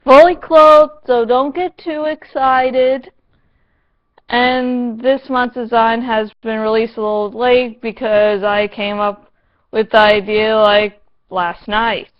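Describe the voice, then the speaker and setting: A woman's voice: fairly high pitch, little pitch movement, slow pace, dull audio. A woman reviewing a TV episode in a casual vlog, sarcastic, playful and given to swearing.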